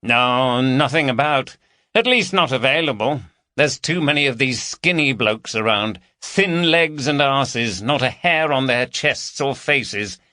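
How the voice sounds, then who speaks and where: A man's voice: mid-range voice, expressive, unhurried, pushed and bright, no room sound, clean studio sound, voice pushed up. A man voicing a cheeky, boisterous male friend from London, full of laddish banter. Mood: teasing.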